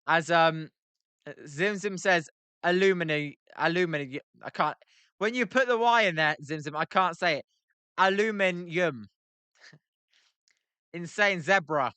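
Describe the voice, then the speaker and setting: A man's voice: fairly high pitch, measured pace, long pauses, bright, forceful tone, smooth, no echo. A young British man hosting a live stream, giving casual commentary on a baseball game while chatting with his viewers and joking about pronunciations. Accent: British English. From Britain. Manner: chatty, banters with chat, plays with pronunciations. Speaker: livestream host reacting to a baseball game.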